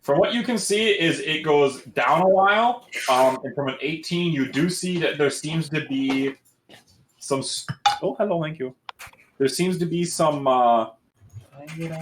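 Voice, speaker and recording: A man's voice: fairly high pitch, a little slow, echoey room, slight background noise, rough recording. A man narrating as game master in a loose, casual way, full of fillers.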